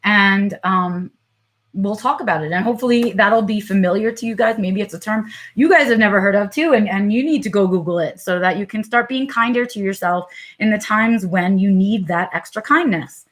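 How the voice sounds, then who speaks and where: A woman's voice: medium pitch, moderate pace. A woman with a New York accent hosting a live vlog, talking candidly and unscripted, with plenty of fillers, swearing and acted-out inner monologue. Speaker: vlog host.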